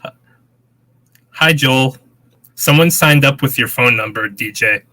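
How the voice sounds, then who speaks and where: A man's voice: mid-range voice, measured pace, sharp tone, dry recording. Tired man from Massachusetts, dry close sound. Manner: plays with odd accents and voices when tired. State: tired, late at night. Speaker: co-host. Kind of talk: casual live stream chat.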